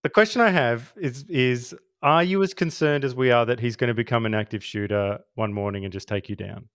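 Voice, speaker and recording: Jokey podcast host, dry sound. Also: male voice, mid-range voice, fairly quick, dry recording. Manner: jokey, laughs easily, teasing questions. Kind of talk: casual podcast interview.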